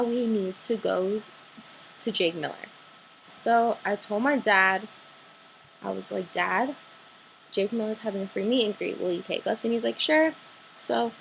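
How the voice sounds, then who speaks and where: A teenage girl, gushing breathlessly about meeting her idol, full of likes and sudden excited squeals. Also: vocal fry, a little hiss or hum, low-quality recording. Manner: breathless gushing with many likes, jumps high when excited. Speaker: fan telling a story. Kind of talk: excited personal vlog storytelling.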